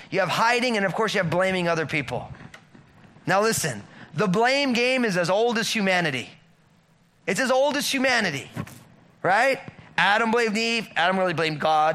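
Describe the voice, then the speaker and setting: A middle-aged man delivers a sermon in a casual, talky way. His voice sits high for a man and rings bright and forceful. He keeps checking in with "right?" and hammers his points home through repetition. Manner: conversational preaching, rhetorical questions, emphatic repetition. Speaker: pastor.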